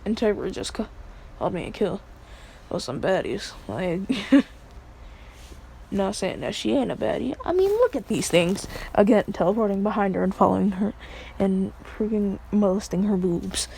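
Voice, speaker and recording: A woman's voice: mid-range voice, animated, moderate pace, gravelly, warm tone, slight background noise. Rambling profane young woman. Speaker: storyteller. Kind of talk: casual fan story retelling.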